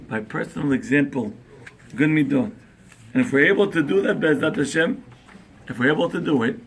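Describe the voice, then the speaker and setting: Animated rabbi telling parenting stories. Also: male voice, on the high side. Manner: animated storyteller, acts out dialogue, asks the crowd questions. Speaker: rabbi giving a talk on parenting. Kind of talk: lively sermon to an audience.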